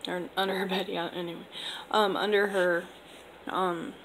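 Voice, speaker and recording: A woman's voice: fairly low pitch, little pitch movement, normal speed, fairly bright tone, slight background noise, rough recording. A young woman in her twenties casually telling a personal story to camera, rambling with lots of fillers. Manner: rambling, filler-heavy, laid-back. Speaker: vlogger.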